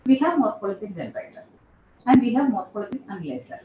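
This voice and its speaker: A woman's voice: mid-range voice, very animated, racing, muffled recording, slight background noise. A woman professor, giving a classroom lecture and patiently repeating terms as she explains. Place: lecture room. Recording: echoey room, voice from far off.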